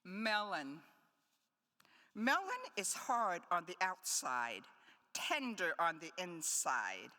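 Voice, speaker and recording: Bright, lively woman poet reading. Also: fairly low pitch, slow pace. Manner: playful, wry asides between poems. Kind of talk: live poetry reading. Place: conference hall. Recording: long hall reverb.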